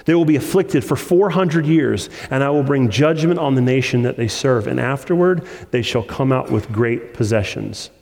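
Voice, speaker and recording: Earnest pastor preaching in a reverberant hall. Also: male voice, mid-range voice, normal speed, gravelly, few pauses, a little mellow. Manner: earnest, with repetition for emphasis and rising intensity. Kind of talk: sermon.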